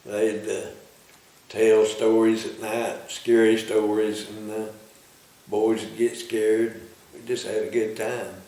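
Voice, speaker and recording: A man recalling Boy Scout days in an interview in a plain, halting way. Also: fairly low pitch, little pitch movement, dark tone. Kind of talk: interview storytelling. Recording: very echoey room, distant mic.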